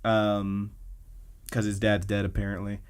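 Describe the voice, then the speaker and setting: A young adult man hosting a casual anime podcast, retelling scenes with lively storytelling. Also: on the low side, measured pace, clean tone. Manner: animated storytelling, acts out scenes. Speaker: podcast host.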